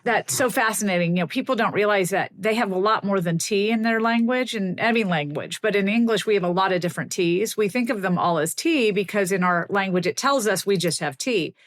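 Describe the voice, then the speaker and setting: A middle-aged woman linguist, a guest on a podcast, explaining ideas in an animated way and laughing often. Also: medium pitch, brisk, hardly any pauses.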